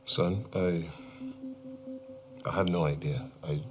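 A remorseful middle-aged father with a Nigerian accent, with a very deep voice. He pleads gently, and music plays behind him. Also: steady tone, takes it slowly. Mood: pleading.

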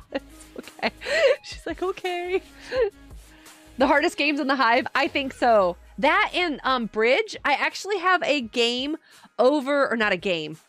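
A woman's voice: high voice, sing-song, moderate pace, a bit bright, faint music behind. A middle-aged woman live-streaming a game, chatting casually with viewers, giggling often and sounding a little tired. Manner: chatty, giggly, reads and answers chat.

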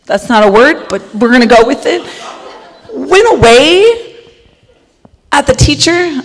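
A middle-aged woman gives a conference talk in a loud, storytelling manner. Her pitch leaps up and down with lively energy. Her voice carries into the long echo of a large hall. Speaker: conference speaker.

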